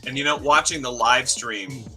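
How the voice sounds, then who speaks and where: An eager man introduces his barbarian in a sharp, tense, very bright voice. Soft music plays faintly under him. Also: mid-range voice, normal speed. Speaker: player.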